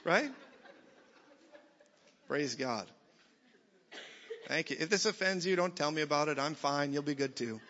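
A man preaches with a bright, forceful, somewhat high voice, blunt and jokey, jumping between loud bursts and quiet passages. His voice rings with long reverb through a church hall, and the recording sounds a little dull and muffled. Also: measured pace, pauses often. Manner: animated, blunt, jokey, swings from loud to soft. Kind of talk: sermon.

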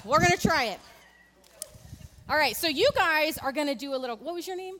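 Woman, church speaker, high-pitched, storytelling, long reverb in the sanctuary. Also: expressive, a little fast, long pauses, fairly bright tone, slight background noise. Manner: candid, storytelling, talks to the congregation. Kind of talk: conversational sermon with personal story.

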